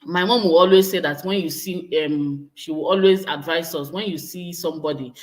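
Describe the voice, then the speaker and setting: A woman's voice: lowish voice, brisk. A woman with a Nigerian accent hosts her own livestream, talking casually and energetically to her viewers. She exclaims often and answers comments as she reads them. She sounds like she is in her thirties. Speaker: vlogger hosting a livestream.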